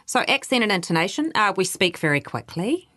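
A woman's voice: mid-range voice, very animated, fairly quick, pushed and bright, no room sound, studio quality. A woman with a New Zealand accent, answering interview questions as a workplace culture adviser, explaining patiently. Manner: explanatory, quotes others in livelier voices.

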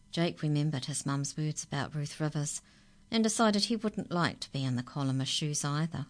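A woman calmly reading a children's story aloud. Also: sits low, normal speed.

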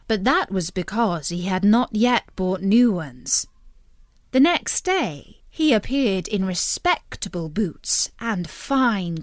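A woman hosting a children's show, reading a fairy tale aloud in an expressive, unhurried storytelling manner. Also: mid-range voice, dry recording. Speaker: storyteller host.

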